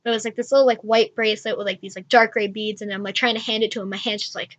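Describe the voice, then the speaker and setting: A woman's voice: medium pitch, fairly even intonation, racing, few pauses, a bit bright. A young woman vlogger telling a story to camera in a gushing, rambling way, full of "like". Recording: dull lo-fi home recording.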